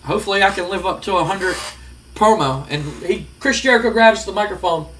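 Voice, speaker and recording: A man narrating his wrestling management game, excitedly acting out the wrestlers' lines and reacting to results. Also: high voice, a little fast, a little hiss or hum. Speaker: gaming video host. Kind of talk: narrating a wrestling sim playthrough.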